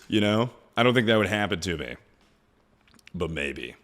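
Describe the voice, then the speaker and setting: A man with a fairly low voice hosts his own livestream and talks straight into a streaming mic. His delivery is loose and joking, and he swears freely as he reacts to his chat. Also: big pitch swings, normal speed, pauses often, a bit bright. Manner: loose, joking, swears often, drawls "dude".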